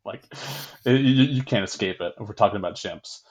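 Young male podcast host, fairly low voice, loose and rambling, quick to laugh. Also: husky, lo-fi sound. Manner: rambling, laughs often, swears casually. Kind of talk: casual history podcast chat.

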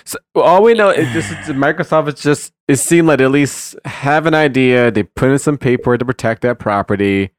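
A man's voice: mid-range voice, a little fast, hardly any pauses, no echo, studio quality. A man co-hosting a gaming podcast, chiming in with short reactions and factual clarifications. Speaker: podcast co-host. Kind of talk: casual gaming chat.

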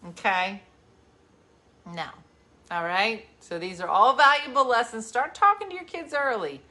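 A woman in her forties hosting a livestream, telling stories in a casual chat and swinging from loud bursts to hushed asides. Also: fairly high pitch, animated, measured pace. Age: 40s. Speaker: livestream host.

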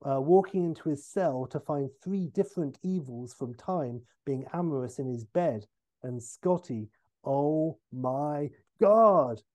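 A man, telling a comic film pitch as a podcast host and acting out each scene. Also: mellow, no room sound. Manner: narrates briskly and jumps into silly voices for characters.

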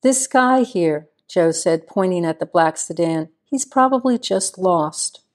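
A woman's voice: lowish voice, animated, measured pace. A woman reading the part of a small-town sheriff, a former city detective, with dry, understated wit in an audiobook. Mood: calm.

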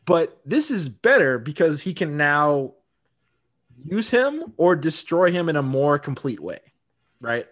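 A man's voice: on the high side, big pitch swings, measured pace, fairly bright tone. A man co-hosting a podcast in a casual chat, talkative and often laughing. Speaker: podcast co-host.

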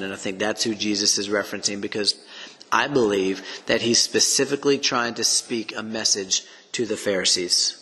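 A man's voice: on the low side, fairly bright tone. A man teaching on a Bible passage for a podcast, reading scripture aloud and reflecting on it as he goes. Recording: long hall reverb.

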